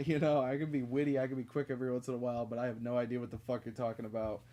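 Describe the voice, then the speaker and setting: A young male podcast storyteller spins a long comic tale in a casual, rambling style, swearing often and leaning heavily on fillers. His voice is mid-pitched, mellow and level in tone, and he talks fast.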